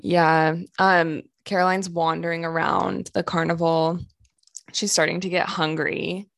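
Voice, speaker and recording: A young woman co-hosts a podcast and recaps an episode in loose, crude, joking chat. Her voice sits a little low and has a gravelly fry, and the recording is dry with no room sound. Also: little pitch movement, measured pace, fairly bright tone, no room sound. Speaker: podcast co-host.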